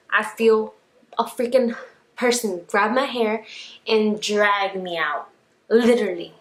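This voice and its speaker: A young woman vlogger telling a story at home in a casual, animated way, full of swearing and quick bursts of speech. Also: a little high. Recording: echoey room.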